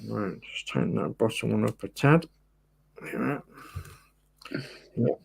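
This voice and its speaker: Gravelly slow-talking man building a model. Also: lowish voice. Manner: chatty, muttering to himself as he works. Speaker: host of a model-building livestream. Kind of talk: casual chat while building.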